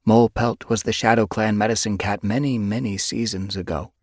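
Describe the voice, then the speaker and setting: A man voicing a gentle, wise female spirit cat in an audiobook, speaking softly and gravely with sympathy. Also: on the low side, fairly even intonation, a little fast, no echo, studio quality, pitched above the performer's own voice. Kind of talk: audiobook character voice.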